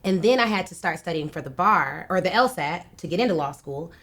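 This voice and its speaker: Brisk and fairly low-pitched, this woman in her thirties is a guest on a podcast. In a relaxed interview she tells stories energetically, breaking into laughter frequently.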